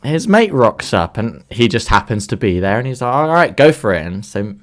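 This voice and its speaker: A British man co-hosting a casual podcast, telling lively, swear-laden stories and acting out the voices of others. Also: mid-range voice, normal speed. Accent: British English. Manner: animated storyteller, swears freely, acts out voices. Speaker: podcast co-host. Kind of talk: casual chat.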